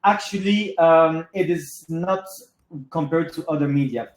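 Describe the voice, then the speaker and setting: A man's voice: fairly high pitch, unhurried. A man with a French accent, a native French speaker, answering audience questions in a live webinar, hesitant and full of fillers. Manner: hesitant, many fillers and restarts. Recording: echoey room.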